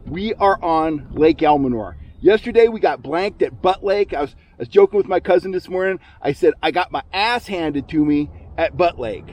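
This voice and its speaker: A middle-aged man hosting a fishing vlog from a boat on a lake, talking through his gear and getting loudly excited when fish bite. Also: fairly high pitch, moderate pace, few pauses, slight background noise, rough recording. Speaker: fishing channel host. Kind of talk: outdoor fishing vlog narration.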